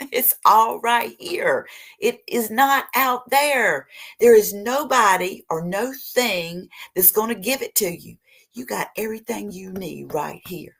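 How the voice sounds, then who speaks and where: A woman giving an earnest, preachy motivational talk about recovery, reading short passages and then expanding on them, with sudden drops to a soft voice. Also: deep voice. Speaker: recovery speaker.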